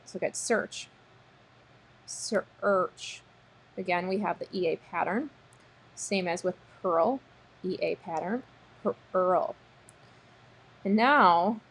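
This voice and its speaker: A woman teacher walking young students through a recorded spelling lesson, sounding out words patiently. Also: mid-range voice. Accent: American. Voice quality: breathy. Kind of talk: recorded word-sort lesson.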